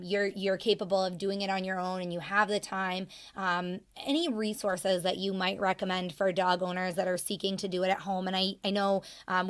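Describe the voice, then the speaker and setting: A woman hosts a podcast interview at a middle pitch. She frames long, measured questions, pausing often on ums and uhs. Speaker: podcast host.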